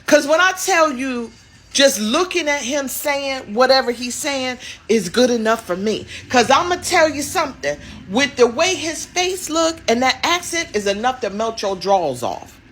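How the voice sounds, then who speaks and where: A woman gushing in a casual social clip, her voice high and bright. She swoops up and down with lively emphasis, excited and insistent. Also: normal speed, a little hiss or hum. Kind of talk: casual social media video.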